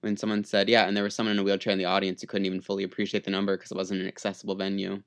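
A man's voice: low-pitched, monotone, racing, a bit bright. A young man co-hosting a podcast, chatting casually with a teasing, opinionated edge. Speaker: podcast co-host. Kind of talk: casual chat.

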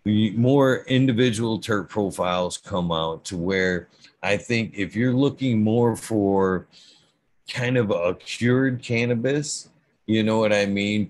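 A middle-aged man talking casually about growing, rambling and stuttering, with frequent swearing. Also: on the low side. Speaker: cannabis grower guest. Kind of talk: casual podcast conversation.

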